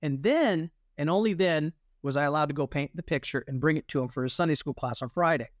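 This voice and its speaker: Interview guest, male, animated storyteller who mimics others; somewhat high pitch, dry studio sound. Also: quick pace, dry recording. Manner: animated storyteller, acts out quoted voices. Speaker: guest, military veteran and artist. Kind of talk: testimony in an interview.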